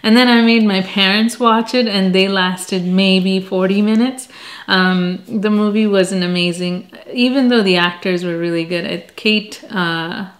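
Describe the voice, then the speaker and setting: Middle-aged lady doing book reviews, chatty, jokey asides, talks about herself a lot. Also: medium pitch. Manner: chatty and self-deprecating, animated asides. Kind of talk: casual chat.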